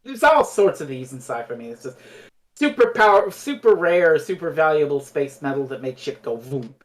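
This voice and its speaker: Male podcast co-host, casual and animated, very lively pitch. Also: normal speed. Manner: animated, acts out characters mid-recap. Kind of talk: casual chat.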